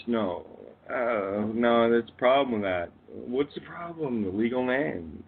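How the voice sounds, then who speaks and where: A man's voice: medium pitch, lively intonation, a little slow, vocal fry, hardly any pauses, slight background noise. A man with a Canadian accent, a guest on a call-in radio show, ranting and swearing with bursts of laughter. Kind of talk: rambling profane rant. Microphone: phone or call line. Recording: tinny phone-line audio.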